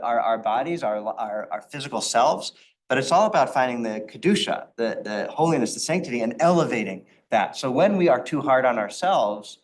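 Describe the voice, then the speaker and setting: A rabbi teaching an informal Torah study class, talking in a conversational way and acting out the quotes in the stories he tells. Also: medium pitch. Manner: conversational, with frequent restarts and acted-out quotes.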